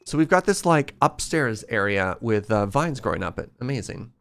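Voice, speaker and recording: A man streaming a video game live, with playful, excitable commentary. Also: medium pitch, moderate pace, creaky, clear, resonant tone.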